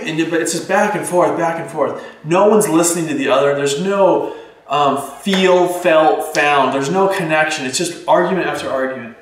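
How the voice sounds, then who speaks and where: With a slightly high voice at a moderate pace, this real estate coach teaches agents energetically, playing out short client conversations as examples. The sound is echoey, picked up by a distant microphone.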